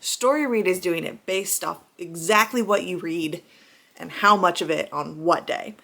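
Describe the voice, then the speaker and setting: A woman's voice: fairly low pitch, a little slow, vocal fry, sharp tone. A young adult woman talking bluntly, with some swearing, in a casual book vlog. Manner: blunt and profane. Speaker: book vlogger.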